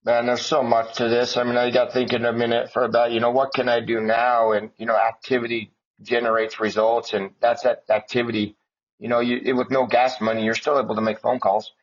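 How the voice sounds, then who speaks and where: A man's voice: medium pitch, little pitch movement, fairly quick. Enthusiastic male host, casual and affirming, dull lo-fi recording. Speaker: podcast host. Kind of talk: casual interview chat. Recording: dull lo-fi audio.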